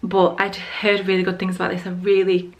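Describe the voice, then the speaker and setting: A woman's voice: medium pitch, monotone, fairly quick. A young woman chatting casually in a vlog, a bit out of breath and rambling with many fillers. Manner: rambling, full of fillers and restarts. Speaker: vlogger. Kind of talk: casual skincare vlog chat.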